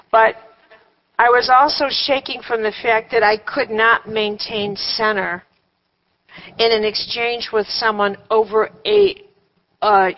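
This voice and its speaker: A woman speaks to a seated group at a workshop with a fairly high voice, asking rhetorical questions and slipping in wry humor. The recording is dull and lo-fi. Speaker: workshop teacher. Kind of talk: live workshop talk to a group.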